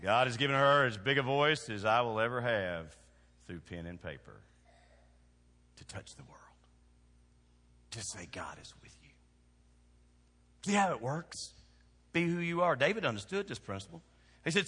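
A man from Kentucky with a Southern accent, a pastor preaching a sermon that swings from hushed lows to shouted exhortation. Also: expressive, moderate pace, long pauses. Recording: long hall reverb.

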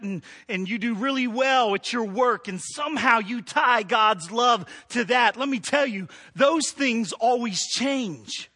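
Man, high voice, bright tone, middle-aged, animated sermon delivery. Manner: animated preaching, builds to emphatic peaks then drops soft. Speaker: pastor.

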